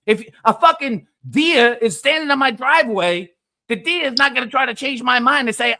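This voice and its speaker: A man ranting in casual streamed panel chat, profane and preachy, with loud emphatic bursts. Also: very high voice, animated, moderate pace, creaky. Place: online streaming call.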